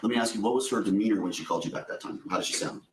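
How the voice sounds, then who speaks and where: A man's voice: on the low side, racing, background noise. A male attorney questioning a witness in court, methodical and restating answers before each question. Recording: echoey courtroom audio.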